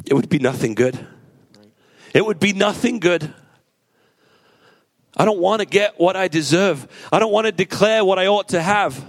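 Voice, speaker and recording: Male pastor, slightly high voice, talks to the congregation plainly and drives points home by repeating them. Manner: conversational preaching, rhetorical questions, emphatic repetition. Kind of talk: sermon.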